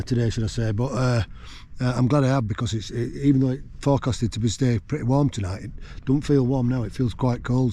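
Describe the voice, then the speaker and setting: A vlogger chats casually from his tent on a windy hill while wild camping, rambling with plenty of fillers. His voice is medium-pitched and mellow.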